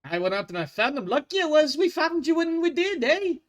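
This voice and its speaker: A man voicing a crude, cocky male dwarf bounty hunter with a put-on Scottish accent, loud and boisterous. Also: very high voice, big pitch swings, brisk, pitched above the performer's own voice. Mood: gleeful. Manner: boisterous, swearing.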